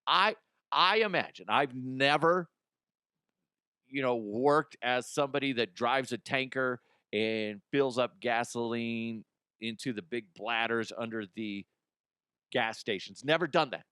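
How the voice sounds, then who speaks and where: Casting note: male host, loose profane comedic rant, smooth voice, dry close sound. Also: medium pitch, slow pace, sharp tone, dry recording. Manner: profane, rambling, acts out imagined people. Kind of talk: casual comedic news rant.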